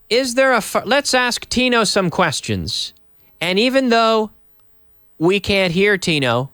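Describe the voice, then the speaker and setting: A man teaching an English lesson on TV, explaining slowly, repeating example sentences and switching into Spanish. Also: sits high, fairly bright tone, smooth, dry recording, studio quality. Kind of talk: classroom lesson on TV. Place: TV studio.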